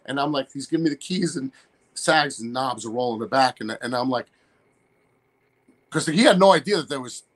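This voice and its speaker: A man's voice: mid-range voice, a bit bright. A man as an interview guest, telling crude stories in a rambling way and laughing through them. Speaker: guest, wrestler. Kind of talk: casual storytelling interview.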